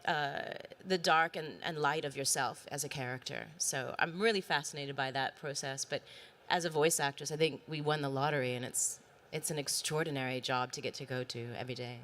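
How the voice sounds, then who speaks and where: A woman with a very low voice for a woman speaks on a panel stage. She is animated and excitable and jumps quickly into enthusiasm. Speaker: voice actress panelist. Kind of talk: casual panel chat.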